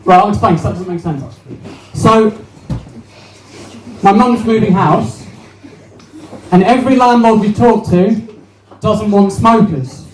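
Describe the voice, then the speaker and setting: A man's voice: high-pitched, unhurried, long pauses. A young man doing a brash, sweary stand-up set and chatting with the crowd. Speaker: stand-up comedian. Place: small venue with a live audience. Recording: roomy, distant mic with faint noise.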